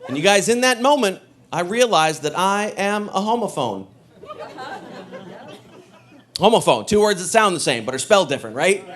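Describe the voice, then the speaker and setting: A man performing a stand-up comedy set with a punchy, animated delivery, often slipping into character voices. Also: high voice, moderate pace, pauses often, some chatter behind. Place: comedy stage before a laughing audience.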